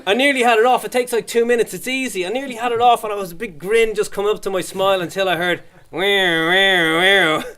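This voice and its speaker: Animated young comedian, high voice. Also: male voice, rapid-fire, hardly any pauses. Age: young adult. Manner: animated storyteller acting out voices. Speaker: stand-up comedian. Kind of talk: stand-up comedy to a young audience. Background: audience laughter.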